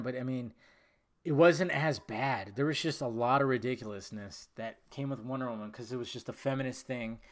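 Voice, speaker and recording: A man hosting a solo podcast, talking casually and rambling, with profanity and frequent laughter. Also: mid-range voice. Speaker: podcast host.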